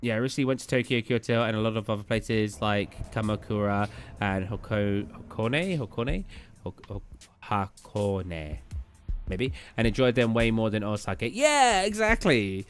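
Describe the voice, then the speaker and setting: A man's voice: on the low side, expressive, moderate pace, faint music behind. A young British man streaming a game live, chatting casually and rambling, often tripping over words. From Britain. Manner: rambling, chatty, stumbles over place names. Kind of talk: casual chat while live gaming.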